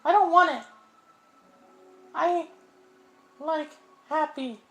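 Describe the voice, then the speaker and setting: A man doing a high, sweet teenage girl. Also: very slow, exaggerated voice, poor audio. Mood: pleading. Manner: high, soft falsetto girl voice. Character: cheerful teen girl hiding sadness.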